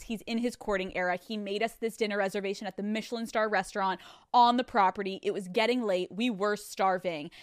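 Woman, podcast host, expressive storyteller who swears freely, slightly high voice, dry studio. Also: no echo. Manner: animated, acts out voices of others, swears freely. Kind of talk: solo storytelling chat.

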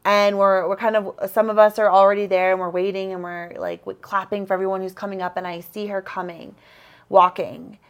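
A woman's voice: medium pitch, flat delivery, fairly quick. Emotional woman telling a story casually. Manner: emotional, breaks into laughter and tears while retelling. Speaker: podcast co-host.

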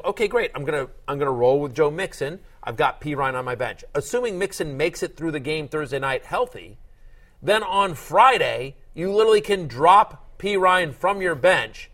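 A middle-aged man hosting a sports podcast, talking casually and joking around. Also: on the high side. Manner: animated, joking, acts out quotes. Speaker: podcast host.

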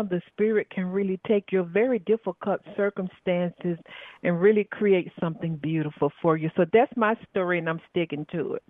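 A woman's voice: on the low side, no room sound. Southern woman on a tinny phone line. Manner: earnest, spiritual, with frequent filler words. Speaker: guest, radio talk show host and coach. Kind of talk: storytelling interview talk. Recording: dry phone-line audio.

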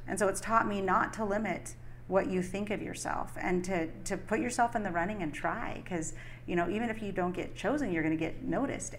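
A middle-aged woman talking as an interview guest, earnest and reflective, in a lowish voice. She speaks in a motivational tone, and faint ambient noise hangs behind her.

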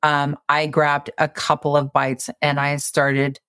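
A woman with a notably low voice speaks earnestly and encouragingly as a guest in a conversational interview. Her delivery is reflective and supportive, recorded close and dry with no room sound. She explains her ideas patiently. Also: monotone, slow, a bit bright, smooth, no room sound.

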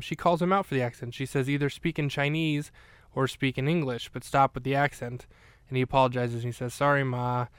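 A man's voice: medium pitch, clean tone, no echo. A man hosting a podcast, recapping a film in casual, rambling chat full of fillers and restarts. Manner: rambling, chatty, with many fillers.

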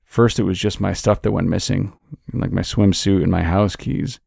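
A man's voice: sits low, fairly even intonation, normal speed, creaky, darkish tone, slightly rough, dry recording, clean studio sound, full character voice. A man voicing a frightened teenage girl who wails and sobs. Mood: scared. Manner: wailing, broken by sobs.

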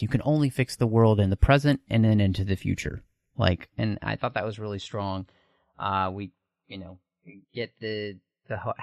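A man's voice: on the low side, a bit bright, dry recording. Man in dry, close podcast recap. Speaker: podcast co-host. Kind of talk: casual chat.

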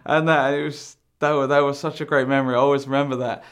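A man's voice: medium pitch, level tone, quick pace, a bit bright, a little hiss or hum. A young man, chatting loosely about a memorable day and often filling with "like". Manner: chatty, with lots of likes. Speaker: professional golfer. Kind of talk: interview recollection.

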